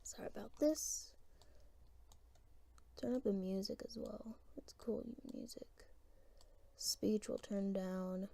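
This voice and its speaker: Slow, mellow woman narrating gameplay. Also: mid-range voice, vocal fry. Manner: rambling, hesitant, thinking aloud. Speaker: gameplay commentator. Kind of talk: casual gameplay commentary.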